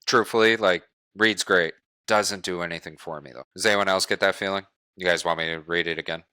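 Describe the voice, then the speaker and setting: A man coaching a group on wholesaling real estate, talking in a brisk, blunt way and swearing casually. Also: sits low, steady tone, pushed and bright, clean tone, dry recording, studio quality.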